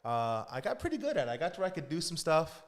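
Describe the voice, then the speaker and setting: Talking quickly with wildly swooping pitch in a voice on the high side, a church kids ministry director tells stories during a casual podcast chat. He performs children's voices as he goes, recorded on a podcast studio mic.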